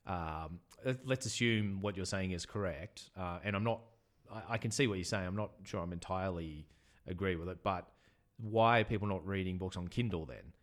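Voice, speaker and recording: Brief: very low-voiced man from Australia, casual podcast co-host, questioning and hesitant. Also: moderate pace. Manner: questioning, debating, hesitant with fillers. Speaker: podcast co-host, bookshop owner. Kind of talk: casual chat.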